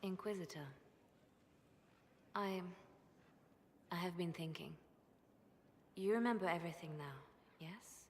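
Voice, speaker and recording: An earnest, probing adviser who speaks in a low, serious tone. Her lines come through as game audio with a long reverb. Faint noise sits behind her. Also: measured pace, pauses often.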